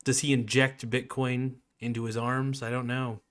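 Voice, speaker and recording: In a flat, slightly bright, medium-pitched voice at normal speed, a video creator gives casual, rambling commentary. His tone is sarcastic and mocking, full of restarts, profanity and jokey asides.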